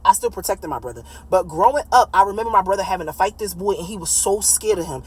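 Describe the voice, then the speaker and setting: A woman in her late thirties telling a personal story in a casual, blunt, animated way, swearing freely. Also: medium pitch, fast talker, slightly rough, rough recording. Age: late 30s.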